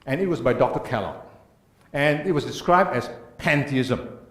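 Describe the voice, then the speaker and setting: A man's voice: medium pitch, lively intonation, moderate pace. A man giving an earnest church talk, lecturing emphatically and asking rhetorical questions. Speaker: speaker. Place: church hall. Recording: echoey church room.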